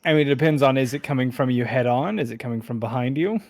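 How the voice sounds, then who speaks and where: A man's voice: mid-range voice, fast. A man narrating as game master in a casual, rambling way with many fillers.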